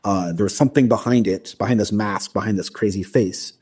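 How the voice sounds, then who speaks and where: A man recounting a personal experience in a halting, casual interview style, with frequent restarts. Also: on the low side, a little mellow, breathy edge. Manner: halting, many restarts and fillers. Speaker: guest recounting an abduction experience.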